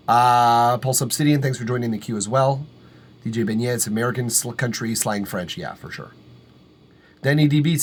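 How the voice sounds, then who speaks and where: A man from Canada hosting a live stream, his voice sitting at an ordinary middle pitch. He rambles loosely from one thought to the next, peppering his talk with swears and fillers. He sounds amused by his own asides. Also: normal speed. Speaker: livestream music review host. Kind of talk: casual livestream chat.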